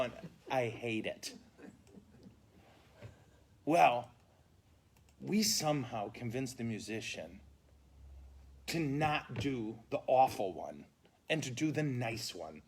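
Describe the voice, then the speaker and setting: This man, a priest, speaks slowly with frequent pauses in a medium-pitched, slightly rough voice. He animatedly tells comic stories with mock outrage during a casual catechesis talk, streamed live from indoors at a funeral home.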